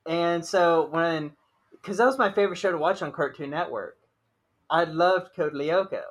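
Chatty young man, slightly high voice. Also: normal speed. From Ohio, USA. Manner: rambling storyteller, lots of "like". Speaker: podcast co-host. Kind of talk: casual chat.

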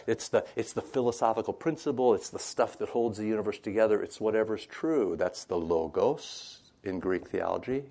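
Low-voiced man teaching scripture casually. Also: a little mellow. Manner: chatty, keeps asking "right?", retells scripture in modern slang. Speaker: Bible teacher. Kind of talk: informal scripture lesson.

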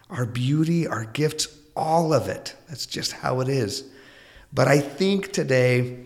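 A man hosting a podcast monologue, earnest and reflective, often dropping into a soft, confiding tone. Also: mid-range voice, vocal fry, big-room sound. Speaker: podcast host.

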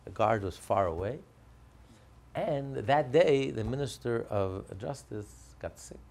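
A man's voice: mid-range voice, slow, creaky. A man teaching a religious lesson through a story, narrating with energy and acting out what the characters say. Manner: animated, acts out the characters' lines.

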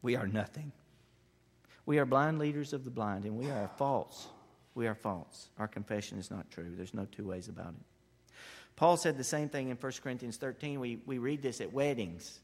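A man preaching a sermon with passion, building to loud emphatic peaks and then dropping low and quiet. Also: lively intonation, moderate pace. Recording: long hall reverb.

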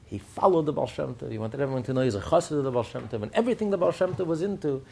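A man gives a Chassidic Torah lesson in a gravelly, husky voice. His pitch swings widely as he tells stories. He keeps pressing his listeners with rhetorical questions. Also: lively intonation, racing, a little mellow. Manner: fires rhetorical questions, storytelling. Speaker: Torah teacher.

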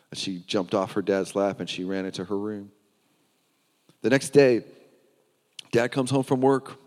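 A man's voice: lowish voice, moderate pace, a little mellow. A man preaching a sermon in a church, telling a story earnestly and often restarting his words. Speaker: pastor. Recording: long hall reverb.

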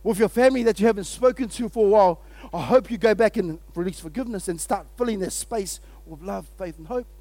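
A man with a strikingly high voice delivers a sermon as pastor. He is energetic and exclamatory, calling out to his listeners and breaking into laughter. The sound is dry with no room echo. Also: quick pace, few pauses. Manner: energetic and exclamatory, often laughing, calls out to the audience.

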